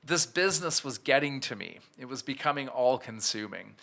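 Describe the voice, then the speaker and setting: A man's voice: mid-range voice, expressive, moderate pace, vocal fry, a bit bright. A man in his thirties, a podcast guest, telling a candid, self-reflective personal story with frequent restarts. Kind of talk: storytelling in an interview.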